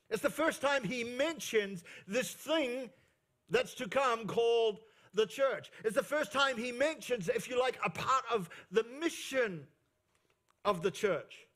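A man's voice: very high-pitched, fairly bright tone. A male pastor preaching a sermon at a church service into a stage microphone, emphatic, repeating key phrases, with playful asides. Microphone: fixed microphone on stage.

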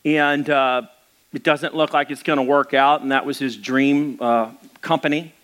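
A man's voice: medium pitch, fairly even intonation, a little slow, fairly bright tone. A man who is a pastor, telling stories in a casual, rambling sermon with many fillers. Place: church.

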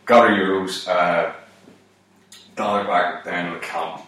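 A man in his thirties with a fairly low voice tells a profane comic story, swearing through almost every line. He jumps his voice up when he quotes shouts. He sounds set back from the microphone in a strongly echoing room. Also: steady tone, brisk. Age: 30s. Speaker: comedian. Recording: very echoey room, mic at a distance.

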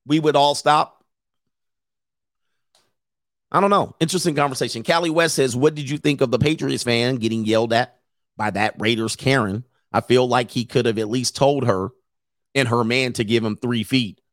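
A man's voice: medium pitch, moderate pace, dry recording, clean studio sound. A man hosting a casual livestream, reading viewer comments and riffing on them with jokes and laughter. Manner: joking, animated riffing with laughs. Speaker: show host reading chat.

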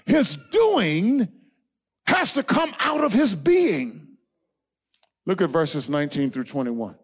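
A man preaching a sermon as pastor, emphatic, swinging from shouted lines to soft asides and dropping in amens. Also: high voice, huge pitch swings, slow pace, slightly rough. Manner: punctuates with amen and all right.

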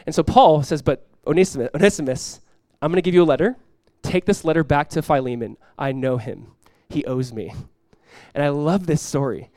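A male pastor preaching a sermon, acting out the people in his Bible stories and swinging between loud emphasis and hushed lines. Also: a little high, fairly quick, dry recording.

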